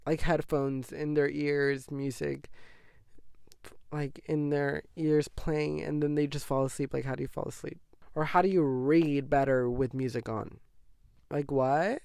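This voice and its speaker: A man's voice: on the high side, gravelly, a little mellow, clean tone, dry recording, clean studio sound. A nineteen-year-old man hosting a podcast, chatting casually in a gossipy, dramatic way with lots of "like". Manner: gossipy and dramatic, heavy use of "like". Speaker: podcast host. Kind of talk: casual chat.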